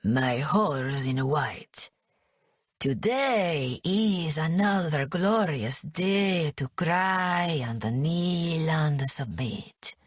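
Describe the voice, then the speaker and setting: A woman voicing a cruel man with a thick Italian accent who speaks slowly and with disdain. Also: low-pitched, animated, breathy edge, dry recording, clean studio sound, full character voice. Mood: disdainful. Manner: slow, disdainful, mocking. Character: cruel tall man, mocking captor.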